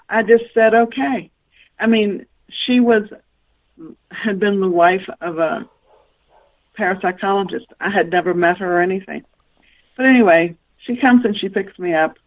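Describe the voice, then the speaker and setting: A woman from the American South with a Southern accent, a guest telling a long, rambling personal story in a radio interview. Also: medium pitch. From Southern United States. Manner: rambling, animated storytelling with laughs. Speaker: guest author. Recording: tinny phone line.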